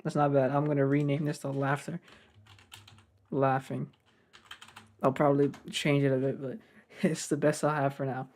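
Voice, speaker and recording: A man's voice: mid-range voice, flat delivery, normal speed, long pauses, a little mellow. A young man casually narrating his game development work, rambling and getting sidetracked. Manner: rambling, self-deprecating, gets sidetracked. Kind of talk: casual devlog commentary.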